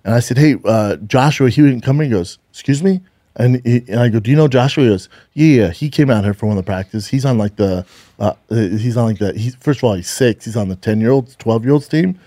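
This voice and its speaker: A man in his forties co-hosting a casual podcast chat, telling a story in animated bursts and acting out the people in it with plenty of swearing. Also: medium pitch, fast, no echo, clean studio sound. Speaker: podcast co-host.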